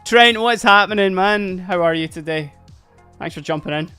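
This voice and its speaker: Faint music runs under a high-pitched, bright, forceful voice that's clear and resonant, at a moderate pace. The speaker is a young Dundee man with a Dundee Scottish accent, hosting a livestream painting miniatures and chatting casually with viewers, laughing often and using Scottish slang.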